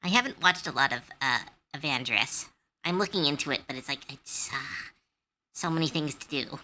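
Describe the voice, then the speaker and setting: A woman's voice: deep voice, moderate pace. A woman streamer casually chatting on a live stream, telling rambling game-master stories with lots of fillers. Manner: rambling storytelling, animated, many fillers.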